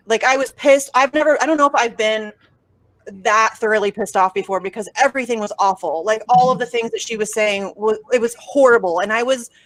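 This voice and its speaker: A woman co-hosting a casual online chat, animated, swearing and laughing often as she talks over a video call. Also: on the high side, dry recording. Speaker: show co-host.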